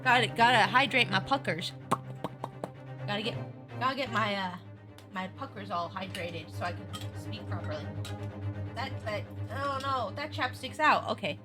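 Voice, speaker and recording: A woman's voice: mid-range voice, animated, moderate pace. A young adult woman streaming a video game from home, chatting in a bubbly, giggly way with her viewers. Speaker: VTuber streamer. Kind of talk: casual let's-play chat. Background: game music.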